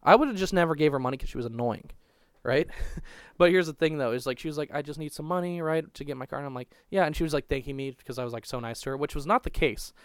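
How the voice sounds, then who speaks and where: A man's voice: on the high side, fast talker, clean tone, no room sound. A young man telling a crude, rambling story on a casual podcast, swearing constantly and restarting his sentences. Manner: profane, rambling, restarts a lot.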